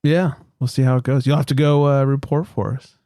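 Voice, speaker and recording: A man's voice: medium pitch, fairly even intonation, brisk, warm tone, dry recording, clean studio sound. A man hosting a beer podcast, reading news items in a laid-back, joking way and swearing casually.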